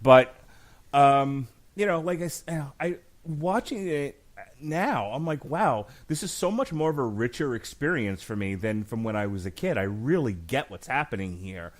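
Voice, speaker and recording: A man in his forties hosting a podcast and arguing a case about a film with emphatic, animated delivery and frequent laughter. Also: mid-range voice, moderate pace. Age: 40s. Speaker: podcast host. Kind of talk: mock-trial film debate podcast.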